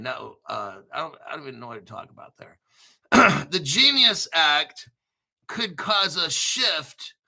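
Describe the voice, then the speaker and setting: A foul-mouthed male crypto host rambles through a news article, boasting and cracking crude jokes between sentences. His voice sits high for a man and sounds sharply bright and forceful, with a cutting edge to every word. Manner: crude, profane, boastful, jokey asides. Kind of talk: rambling live commentary reading a news article.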